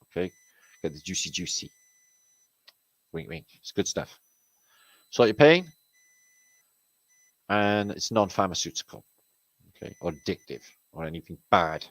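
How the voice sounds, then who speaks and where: A British man hosts a casual livestream and chats with his viewers in a loose, rambling way. His voice sits a little low, and he swears freely in chummy slang. The sound is dry and close, with no room around it. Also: unhurried, long pauses, no echo, low-quality recording. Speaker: livestream host. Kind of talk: casual livestream chat, reading out viewer comments. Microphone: streaming setup mic.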